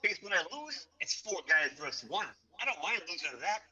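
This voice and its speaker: A man's voice: high voice, very animated, fairly quick, pushed and bright, low-quality recording. A middle-aged man ranting angrily on a livestream, cursing and confronting someone directly. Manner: angry, profane, confrontational. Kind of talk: heated livestream rant.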